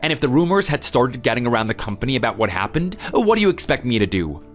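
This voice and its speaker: A man's voice: medium pitch, sing-song, fast talker, faint music behind, close to an everyday voice. A man voicing a defensive, exasperated husband and son.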